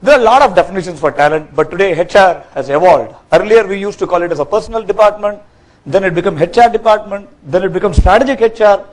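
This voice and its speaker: A man gives a corporate training talk from a workshop stage, lively and quizzing his audience. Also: high-pitched, fast talker, poor audio. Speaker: workshop speaker.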